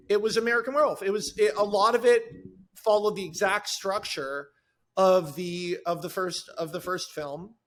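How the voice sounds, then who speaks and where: High-voiced man excitedly recounting a script. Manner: fast, enthusiastic storytelling with many restarts. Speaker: screenwriter guest. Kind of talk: podcast conversation.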